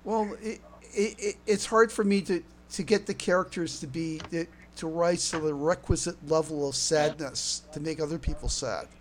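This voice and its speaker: Guy chatting with friends, halting and stumbly, faint room noise. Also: on the high side. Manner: halting, stammering. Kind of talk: casual group chat about writing.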